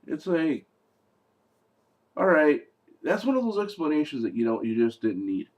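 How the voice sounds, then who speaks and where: A man's voice: fairly high pitch, big pitch swings, normal speed, muffled recording. A man giving a casual spoken movie review, sarcastic and exasperated, rambling with fillers and restarts.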